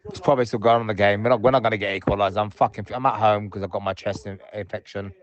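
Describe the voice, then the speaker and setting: A man's voice: fairly low pitch, fairly even intonation, fast, muffled recording. A man leaving angry, rambling, swearing voicemail messages from his sofa at home. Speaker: voicemail caller. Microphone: phone voicemail.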